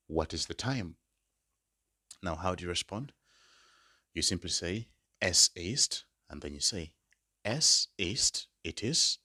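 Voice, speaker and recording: A very deep-voiced man teaching a language lesson at an unhurried pace. His tone is bright and clear, and the recording is dry and close. He patiently repeats each word for his learners. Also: no echo. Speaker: language tutor. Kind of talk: spoken lesson.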